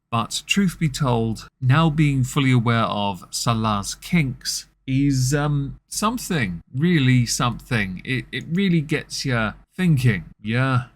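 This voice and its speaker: Wry man doing sarcastic commentary. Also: medium pitch. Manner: wry, sarcastic, reads messages aloud deadpan. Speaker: commentary channel host.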